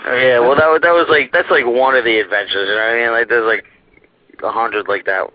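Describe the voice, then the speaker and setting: Speaking a little fast in a mid-range voice with no echo, a young man tells a rambling, profane story of his trip as a guest on a talk show. He keeps laughing at his own tale, and the audio is muffled, dry internet radio.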